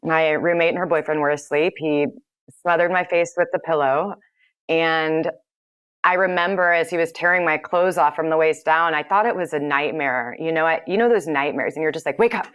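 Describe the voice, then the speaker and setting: A woman, a podcast guest, recounting a personal story in an earnest, halting way, with many fillers and restarts. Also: sits low, steady tone, fairly bright tone, clear, resonant tone.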